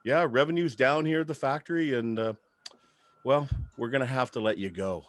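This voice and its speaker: A man voicing a blunt male factory boss who talks in an offhand, hurried way. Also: medium pitch, close to an everyday voice.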